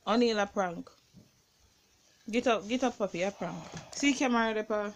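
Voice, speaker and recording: A woman's voice: medium pitch, moderate pace, long pauses. A woman filming a prank on her partner, soothing him over and over with pet names while half-crying and laughing. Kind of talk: casual prank video.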